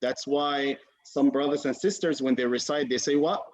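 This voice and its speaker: A man's voice: mid-range voice, fairly even intonation, normal speed. A man teaching a class on a video call, patient and encouraging, repeating and modeling sounds for his students. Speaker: Quran recitation teacher. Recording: muffled video call audio.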